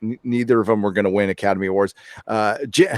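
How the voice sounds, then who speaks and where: A man's voice: lowish voice, steady tone, fast talker, no echo, clean studio sound. A middle-aged man hosting a casual podcast chat, rambling with lots of fillers and hedges. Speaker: podcast host.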